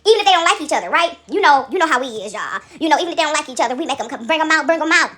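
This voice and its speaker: A woman's voice: high voice, lively intonation, very fast, pushed and bright. A woman vlogger, ranting casually to viewers, emphatic and profane, tagging "right?" onto her sentences.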